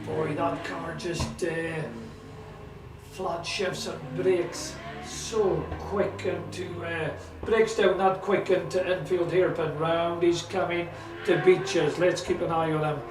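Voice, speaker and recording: Live at a sprint track, a Scottish man commentates on the cars with chatty excitement, talking to someone beside him at an unhurried pace. The mic is far off in a roomy setting, catching his slightly high voice over loud car noise, outdoor sounds and background music.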